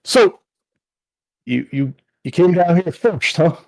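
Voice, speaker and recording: A man's voice: a little high, expressive, slow, a little mellow, no room sound, voice pushed up, heavily acted. A man voicing a bulky, brash male elf rival who barks at his partner. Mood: gruff. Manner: gruff, barking orders.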